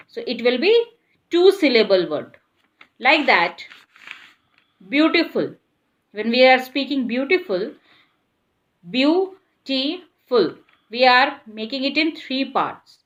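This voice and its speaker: Woman teaching grammar, slightly high voice. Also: a bit bright. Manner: patient, repeats and spells out words letter by letter. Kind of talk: explaining a grammar lesson.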